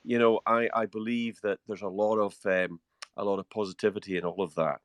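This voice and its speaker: Guest speaker, Scottish Highland man, deep and forceful in tone, dry audio. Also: flat delivery, brisk, dry recording. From Scotland. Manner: blunt, emphatic, repeats words when starting. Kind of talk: live audio-room discussion.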